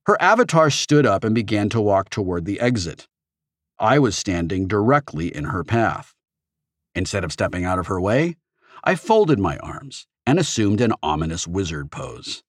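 Deep-voiced man narrating an audiobook. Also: moderate pace, no room sound, studio quality. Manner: expressive, first-person storytelling.

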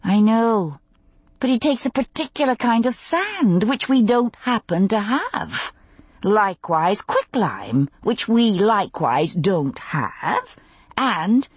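A woman voicing a curious, practical young wife with a quick, animated way of talking. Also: fairly low pitch, husky, dry recording, full character voice. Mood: explaining.

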